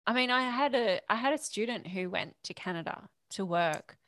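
A woman interviewing a guest casually, with quick encouraging replies. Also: medium pitch, expressive, a bit bright. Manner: encouraging, quick agreeing responses.

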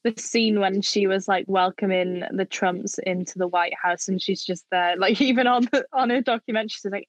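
A woman co-hosting a casual chat, talking quickly and emphatically with lots of "like". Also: mid-range voice, steady tone, dry recording, highs cut off. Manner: quick, emphatic, says "literally" and "like" often. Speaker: podcast co-host.

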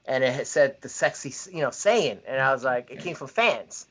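A man, a wrestler guest, talking in a relaxed, easygoing way in a casual interview. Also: mid-range voice, normal speed, husky, dull audio.

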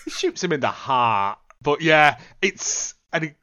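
A man's voice: fairly high pitch, takes it slowly. A man guesting on a podcast, chatting casually and cracking jokes about a film. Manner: animated, jokey. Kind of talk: casual film review chat.

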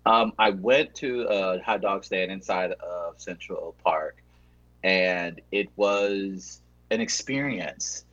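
Deadpan male show regular with a low husky voice, muffled lo-fi sound. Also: takes it slowly. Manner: deadpan, mock-earnest. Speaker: show regular reporting from a trip. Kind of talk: deadpan comic chat.

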